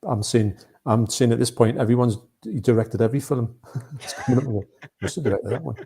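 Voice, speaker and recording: A man's voice: mid-range voice, a little fast, warm tone, slightly rough. A man co-hosting a live movie chat, rambling and chatty, reading out viewer comments. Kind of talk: casual live-stream chat.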